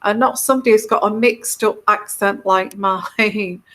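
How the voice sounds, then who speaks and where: A woman's voice: medium pitch, steady tone, normal speed, fairly bright tone. An English woman with a mixed northern and southern English accent, hosting a casual live chat as a tarot reader, soothing and meandering with many restarts. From England.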